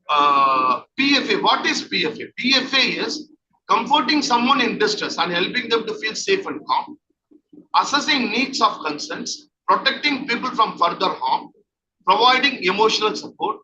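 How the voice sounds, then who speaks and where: A man, giving a training lecture as a counselling trainer and repeating his key points as he explains. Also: sits high. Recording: distant dull lo-fi mic with faint noise.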